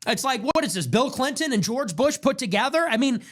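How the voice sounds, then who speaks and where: A young man hosting his own show, delivering an impassioned political commentary monologue full of rapid rhetorical questions. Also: very high-pitched, expressive, a bit bright. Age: young adult. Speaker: show host.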